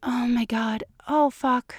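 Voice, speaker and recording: A breathless, spent woman speaks in soft, hushed tones, as the narrator voices her. The recording is dry and close. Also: mid-range voice, steady tone, normal speed, vocal fry, no room sound. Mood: intimate.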